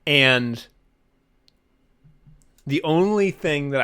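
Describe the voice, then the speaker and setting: Man, podcast co-host, mid-pitch, excitable and rambling, laughs a lot. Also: normal speed. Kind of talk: casual chat.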